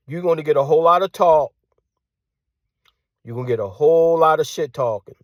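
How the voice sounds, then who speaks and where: A man delivering a combative monologue, repeating his phrases and firing off rhetorical questions, sometimes dropping to a hushed tone. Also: a little high, fairly quick, long pauses, no room sound, clean studio sound. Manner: drops to hushed tone at times. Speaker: commentator. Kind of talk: ranting monologue.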